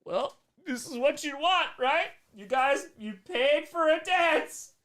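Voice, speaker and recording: A man putting on the voice of a brash male stripper who teases and taunts the crowd, loud and drawn out. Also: very high-pitched, expressive, drawn-out words, pitched above the performer's own voice, full character voice. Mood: teasing, shouting.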